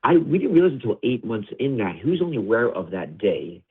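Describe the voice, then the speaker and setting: A man guest telling an emotional personal story, acting out his father's lines in a raised voice and dropping low and tearful on the sad parts. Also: big pitch swings, a little fast, slightly rough. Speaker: interview guest. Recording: tinny phone-like line.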